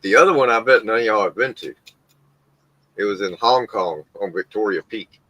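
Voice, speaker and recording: A man's voice: fairly low pitch, moderate pace, pushed and bright, dry recording, low-quality recording. A man chatting casually on a stream, laid-back and telling travel anecdotes. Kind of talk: casual chat.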